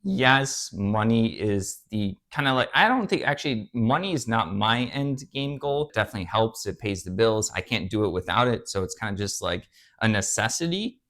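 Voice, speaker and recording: A man's voice: lowish voice, animated, moderate pace, a bit bright. A young man hosting his own channel, talking casually and earnestly, rambling with fillers and restarts as he explains his views. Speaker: eBay reseller, channel host. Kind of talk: casual talk to camera while drawing on a board.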